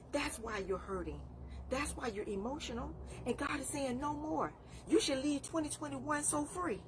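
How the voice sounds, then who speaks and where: A woman's voice: medium pitch, background noise. A woman life coach giving a faith-based motivational talk, preachy and repeating phrases for emphasis.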